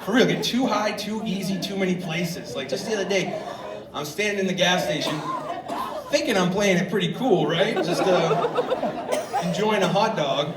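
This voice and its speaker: A man performing a stand-up comedy set, telling rambling stories in a deadpan way with sudden loud outbursts. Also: sits high, normal speed, distant mic. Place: comedy club stage. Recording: echoey club from afar, loud crowd laughter and noise.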